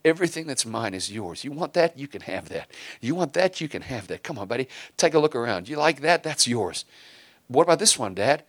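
A man voicing God as a patient, fatherly figure who talks to Adam softly and coaxingly. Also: mid-range voice, sing-song, a little fast, no room sound, voice pushed up.

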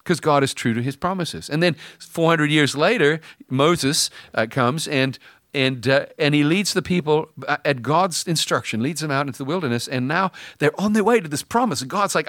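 A man's voice: fairly high pitch, expressive, moderate pace, a bit bright, dry recording, studio quality. A middle-aged man preaching a sermon in a conversational way, telling stories and acting out bits of dialogue. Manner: conversational storytelling, acts out dialogue. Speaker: pastor.

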